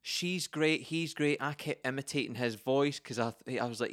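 A man co-hosting a podcast in casual chat, relaxed and giggly, often restarting his sentences. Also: mid-range voice, moderate pace, no echo, studio quality. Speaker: podcast co-host.

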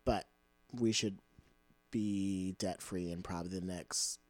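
A man's voice: deep voice, fairly even intonation, slow, darkish tone, no room sound. A man as a guest in a casual chat, hesitant with frequent ums and easy laughter.

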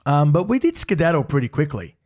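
Man, fairly high voice that swings a lot, chatty giggling co-host. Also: big pitch swings, brisk, darkish tone. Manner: chatty, giggling, name-dropping stories. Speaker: podcast co-host. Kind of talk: casual comedy chat.

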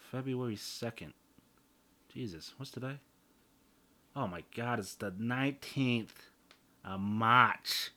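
Low-voiced man rambling on a podcast. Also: a bit bright. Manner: rambling, profane, self-mocking jokes. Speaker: podcast host. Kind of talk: casual solo podcast chat.

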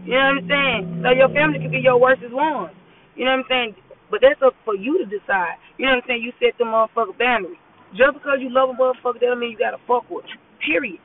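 A woman's voice: a little high, fast talker, a little hiss or hum. A woman talking casually while driving to work, giving a blunt, profane motivational talk and often asking "you know what I'm saying". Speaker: podcast host. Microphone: phone. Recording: tinny phone-quality voice message.

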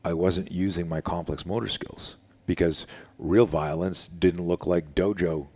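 An older man, a self-defense instructor, telling a story in an interview in a casual, animated way and acting out the dialogue. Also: deep voice, unhurried. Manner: animated, acts out quoted dialogue, casual with frequent "dude" and "like".

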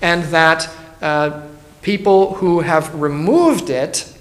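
A man's voice: fairly high pitch, takes it slowly, fairly bright tone. A man, a pastor, teaching a Bible study in an earnest, emphatic way and thinking aloud as he goes. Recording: roomy echo.

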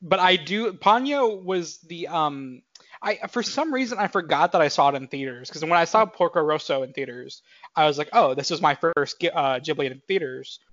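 A man's voice: on the high side, animated, moderate pace, fairly bright tone, no room sound. A man in his twenties co-hosting a podcast in casual chat, rambling with lots of fillers and self-corrections. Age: 20s. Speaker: podcast co-host. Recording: dull, dry podcast mic audio.

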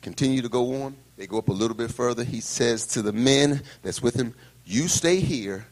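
A middle-aged man pastor preaching a sermon in a lively, folksy storytelling style. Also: medium pitch, a little fast.

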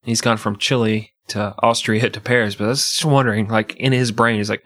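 A man's voice: lowish voice, fairly even intonation, fairly quick, hardly any pauses, a bit bright, no room sound. Man, podcast co-host, joking, dry close sound, curses freely. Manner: joking, swearing, laughs a lot. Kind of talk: casual chat.

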